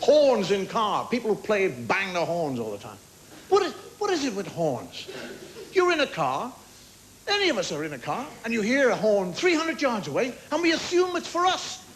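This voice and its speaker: Man, stand-up comedy monologue, very high lively voice, crude punchlines, loud audience laughter, TV studio. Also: moderate pace, slight background noise, low-quality recording. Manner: conversational storytelling with crude punchlines and mimicked car horns. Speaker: stand-up comedian and show host.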